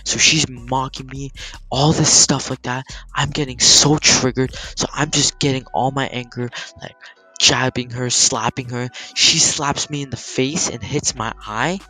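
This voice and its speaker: Forceful young man telling a heated story. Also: medium pitch, measured pace, soft background music. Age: teens. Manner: heated, animated retelling with frequent swearing and "like". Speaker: gaming channel storyteller. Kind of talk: casual storytime vlog.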